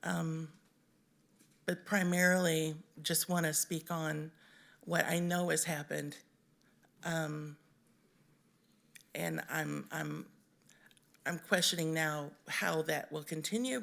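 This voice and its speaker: A woman from Missouri giving an unprepared, emotional public comment at a city council meeting, halting with many ums. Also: sits low, fairly even intonation, gravelly, fairly bright tone. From Missouri, USA. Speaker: resident speaking in public comment.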